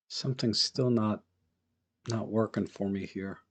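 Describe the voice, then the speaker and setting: Gravelly man editing photos live. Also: fairly low pitch. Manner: thinks aloud while working, relaxed and chatty; greets viewers in chat. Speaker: photography live-stream host.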